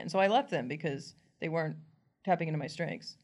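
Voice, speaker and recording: A woman comedian chats in an interview with a slightly low voice. She talks animatedly, laughs often and slips into quick acted-out quotes as she tells her stories. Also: sing-song. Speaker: comedian guest. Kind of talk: casual interview chat.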